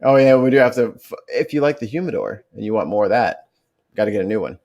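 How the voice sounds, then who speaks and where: A man's voice: lowish voice, quick pace, darkish tone, lo-fi sound. A man hosting a podcast, chatting casually and joking around as he wraps up the show. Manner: joking and playful. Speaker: podcast host.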